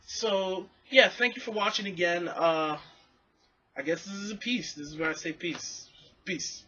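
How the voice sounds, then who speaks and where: A young man vlogging, telling a story in a casual, animated, profanity-laced way. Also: sits high, unhurried, lo-fi sound, a little hiss or hum. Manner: animated, swearing, acts out quotes.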